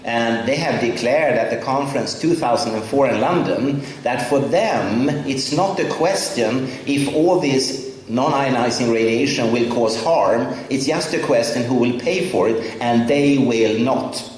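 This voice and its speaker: A man's voice: mid-range voice, a little mellow. Swedish man lecturing in an echoey hall. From Sweden. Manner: emphatic, wry, with halting fillers. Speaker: professor giving a conference talk. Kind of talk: public lecture. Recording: very echoey hall with long reverb, faint hiss.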